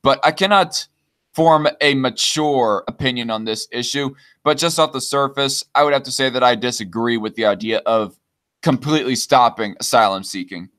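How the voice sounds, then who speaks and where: A man's voice: medium pitch, moderate pace, fairly bright tone. A man hosts a loose, casual podcast and reacts to viewer comments as they come in. He talks hesitantly, trailing off and restarting often, with a mid-range voice. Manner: hesitant, many fillers and restarts. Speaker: podcast host reading chat comments.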